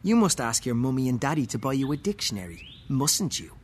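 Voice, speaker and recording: A man's voice: medium pitch, sing-song, a little fast, close to an everyday voice. A man voicing a condescending older male schoolteacher with a scratchy, patronizing voice.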